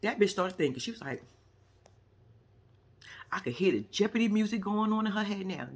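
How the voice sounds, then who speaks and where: Woman vlogger with AAVE speech, sassy recap talk, lively swooping pitch, slightly husky. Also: moderate pace. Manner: sassy, animated storytelling with acted-out quotes and laughs. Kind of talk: casual reality show recap.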